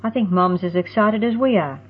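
A woman's voice: medium pitch, brisk, a little hiss or hum, close to an everyday voice. A woman voicing an eager bubbly teenage girl. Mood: excited. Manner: excited, breathless rush. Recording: tinny phone-like sound.

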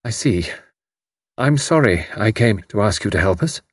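A man reading aloud, voicing an intense, grieving young woman who speaks quietly and earnestly. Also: lowish voice, normal speed, no echo, clean studio sound. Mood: pleading. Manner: quiet, flat, then pleading.

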